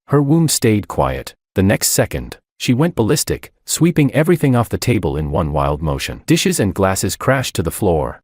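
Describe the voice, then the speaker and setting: Guy reading a love story, low voice that swings around a lot, no room sound. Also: very animated, moderate pace, hardly any pauses, darkish tone, no echo, studio quality. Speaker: narrator. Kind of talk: first-person story narration.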